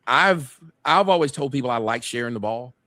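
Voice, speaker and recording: A man talking fast on a casual panel show, arguing his side with a lot of swearing. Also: medium pitch, expressive, sharp tone, no room sound.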